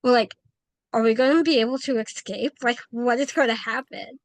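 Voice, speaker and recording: Lively woman telling a ghost story. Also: on the high side, normal speed, dry recording. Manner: animated, acts out quoted dialogue, frequent "like". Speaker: paranormal investigator, guest. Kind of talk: casual interview storytelling.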